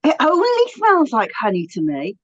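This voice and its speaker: A woman's voice: high-pitched, wildly swooping pitch, moderate pace, highs cut off, over a noisy crowd. A woman with a British accent, co-hosting a casual chat in a chatty, enthusiastic way. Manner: chatty, enthusiastic, self-talking asides. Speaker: podcast co-host.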